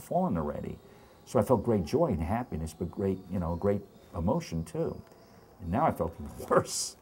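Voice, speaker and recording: An older man giving an oral history interview, speaking in a halting, reflective way with many restarts. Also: low voice, gravelly, a little mellow, a little hiss or hum.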